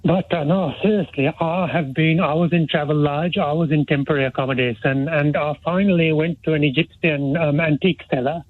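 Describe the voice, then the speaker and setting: A man calling in to a radio phone-in, talking in a hushed, rambling way with lots of fillers and restarts. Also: a little high, steady tone, brisk, few pauses. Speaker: caller. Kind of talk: phone-in chat. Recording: tinny phone line.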